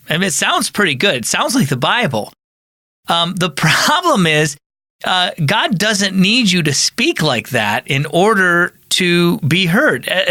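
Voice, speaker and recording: A pastor and podcast host gives a conversational teaching talk in a bright, forceful voice that sits a bit high for a man. He speaks earnestly and explains as he goes, in a close, dry sound with no room echo.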